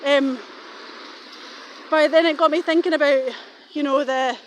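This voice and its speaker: Woman, middle-aged, high voice, rambling and suspicious, filmed while out walking. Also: steady tone, measured pace, slight background noise. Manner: rambling, suspicious, swears casually. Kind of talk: rambling walking vlog monologue. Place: outdoors, walking.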